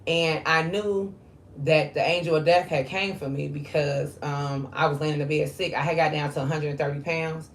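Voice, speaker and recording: Low-voiced woman in her 40s, chatty and candid, real loose with the um's. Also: fairly even intonation, normal speed, a little hiss or hum. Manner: candid and conversational, with frequent fillers. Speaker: spiritual reader. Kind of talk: casual spiritual monologue.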